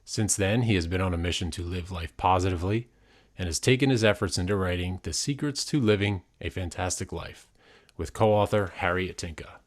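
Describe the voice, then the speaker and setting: A man's voice: low voice, fairly quick. A man hosting a podcast, reading a polished scripted intro and then asking interview questions. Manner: polished, reads a prepared intro. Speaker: podcast host.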